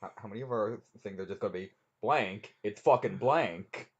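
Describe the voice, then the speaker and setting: A man's voice: on the low side, moderate pace, slightly rough. A man co-hosting a casual podcast chat, teasing his friend with profane banter. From Newfoundland, Canada. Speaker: podcast co-host. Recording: dull lo-fi sound.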